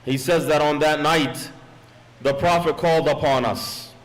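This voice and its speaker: Male sheikh, slightly high voice, solemn sermon storyteller in a mosque, quotes in Arabic. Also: steady tone, a little slow, poor audio.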